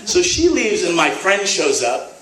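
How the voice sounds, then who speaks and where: A man telling a comic story to a live audience and acting out the people in it with lively voices. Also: sits high, unhurried, slight background noise. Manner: animated, acts out quotes in voices. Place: stage at a live event. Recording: roomy live venue, mic at a distance. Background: audience laughing.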